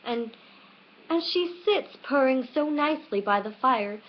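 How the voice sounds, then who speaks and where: A woman's voice: sits high, expressive, a little slow, voice pushed up. A polite, eager little girl from a storybook, voiced by a woman reading aloud. She chatters on earnestly in a raised, girlish voice. The recording is dull and lo-fi, made on a webcam.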